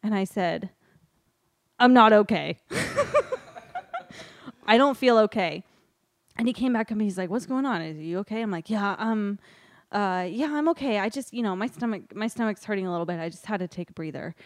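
Woman guest recounting a mishap, animated, laughs often, dry sound. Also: medium pitch, fairly quick, pauses often, no echo. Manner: laughing often, animated retelling with quoted dialogue. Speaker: storyteller. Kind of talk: casual storytelling.

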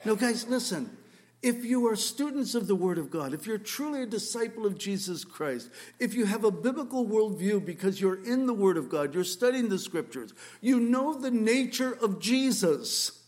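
A man preaching a sermon, reading scripture and expounding on it, swinging between loud rhetorical questions and quiet asides. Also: high voice, very animated, normal speed. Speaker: pastor.

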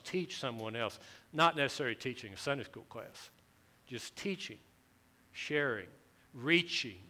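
Bright-voiced man preaching a sermon. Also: medium pitch. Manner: repetitive, building emphasis with rising intensity; conversational, asks the congregation questions. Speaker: pastor.

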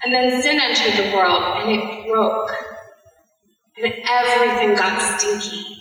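Woman preaching a heartfelt sermon, kinda high bright voice, far off in a big echoey hall. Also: fairly even intonation, soft background music. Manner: earnest, gentle, halting with repeated restarts.

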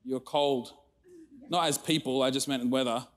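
A man's voice: medium pitch, moderate pace. An Australian man preaching a sermon, telling family stories and acting out the quotes, with the audience laughing along. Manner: storytelling with animated acted-out quotes. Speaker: pastor.

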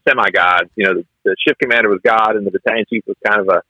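A fire officer with a lowish voice tells stories in a conversational interview, speaking rapid-fire and animatedly acting out the lines of the people involved. The recording is dry and lo-fi.

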